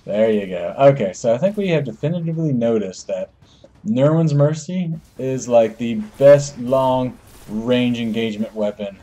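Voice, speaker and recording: A young man talks through an online shooter match, joking at his own bad aim and crying out in surprise. His voice is dark and mellow in tone, yet it swings widely up and down in pitch as he reacts. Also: lively intonation, normal speed, lo-fi sound. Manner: playful, exclaims "oh my goodness", chuckles at himself. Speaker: gaming channel host. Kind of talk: casual gameplay commentary.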